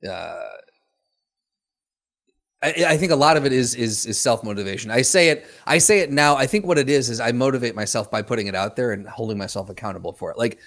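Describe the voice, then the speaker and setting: A man's voice: mid-range voice, brisk, fairly bright tone, dry recording, studio quality. A man co-hosting a podcast in casual chat, joking and self-deprecating, often stopping and restarting as he thinks. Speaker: podcast co-host.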